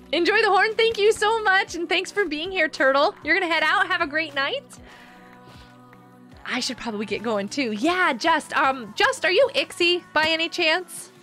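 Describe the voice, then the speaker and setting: Woman, live-stream host, high voice, sharp bright tone, casual viewer chat, giggly. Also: expressive, a little slow, pauses often, faint music behind. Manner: bubbly, giggly, chatty, reading chat aloud. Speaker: streamer hosting a game server.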